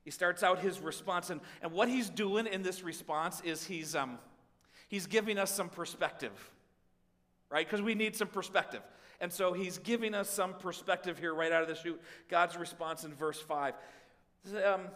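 Male preacher, sermon, higher-pitched voice, repeats words and restarts, long hall reverb. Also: normal speed. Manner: voices prayers aloud, swings between pleading and hushed. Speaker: pastor.

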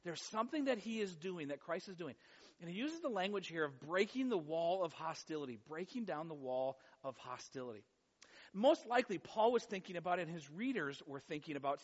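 High-voiced pastor preaching in a reverberant hall. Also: male voice. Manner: conversational, animated preaching with playful asides. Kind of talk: sermon. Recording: dull sound with long hall reverb.

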